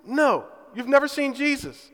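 A man's voice: extremely high pitch, sing-song, a little slow, a bit bright. A man preaching a sermon in a church, speaking emphatically and often checking in with his listeners by asking "right?". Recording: reverberant hall.

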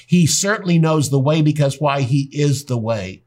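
A man preaching a sermon as a pastor, telling stories with animated dialogue. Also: a little high, moderate pace, hardly any pauses. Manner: animated storyteller acting out dialogue. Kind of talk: sermon with storytelling.

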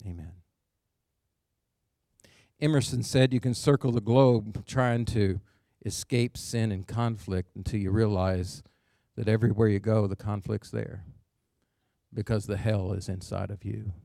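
A man's voice: fairly low pitch, steady tone, measured pace, gravelly, pauses often, warm tone, no room sound, clean studio sound. A man preaching a sermon as pastor, emphatic, with call-and-response asides and phrase endings that drop to a near whisper.

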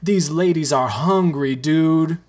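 A laid-back young bro dancer voiced by a male reader speaks in casual slang in a comedic story reading. The delivery is slightly raised and slow. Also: fairly high pitch, darkish tone, pitched above the performer's own voice.

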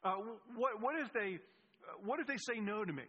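A man's voice: animated, normal speed, bright, forceful tone, exaggerated voice. A man voicing an anxious, reluctant biblical prophet who stammers and pleads. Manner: stammering, pleading, high-pitched. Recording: husky, muffled, long hall reverb.

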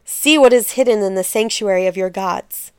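A proud young queen with a smooth, clear voice, read aloud by a woman. She gives sharp orders and raises her voice, in a storybook told in a dry, close room. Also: medium pitch, moderate pace, no room sound, natural voice. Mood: commanding.

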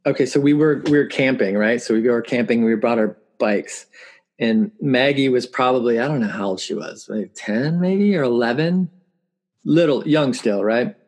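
A man's voice: mid-range voice, normal speed, darkish tone. A man in his forties, a musician guest telling family stories in casual interview chat, laughing often and acting out quotes.

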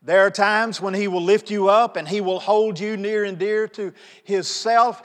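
A middle-aged man preaching a sermon, telling stories in a conversational way and swinging between soft asides and loud emphatic pleas. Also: high voice. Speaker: pastor. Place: church sanctuary. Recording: long reverb of a church sanctuary.

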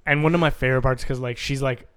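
A man co-hosting a casual film podcast at a middle pitch. He talks loosely and throws in quick agreement and the odd swear. He adds his own takes on the movie. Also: steady tone, a bit bright, clear, resonant tone. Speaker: podcast co-host.

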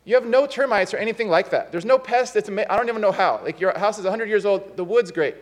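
A man's voice: high voice, quick pace, in a large hall, lightly acted. A man voicing a nervous, earnest male pest inspector in a retold story, hesitant and then urgently insistent. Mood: nervous urging.

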